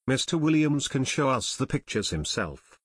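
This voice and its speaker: A man's voice: mid-range voice, big pitch swings, moderate pace, husky, no room sound. Male narrator plays a determined teen detective; firm, cool, pressing, dry sound. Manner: firm, demanding.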